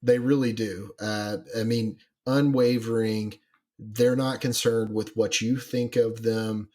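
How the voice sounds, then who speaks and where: A man's voice: on the low side, steady tone, slow, darkish tone. A man co-hosting a podcast in casual chat, rambling with many fillers and restarts. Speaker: podcast co-host.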